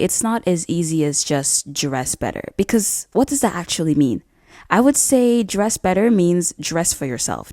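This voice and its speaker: A woman's voice: sits low, dark tone, no room sound, studio quality. A young woman giving casual advice in a vlog, talking bluntly with lots of swearing and jokes. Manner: blunt, profane, jokey. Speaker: vlogger.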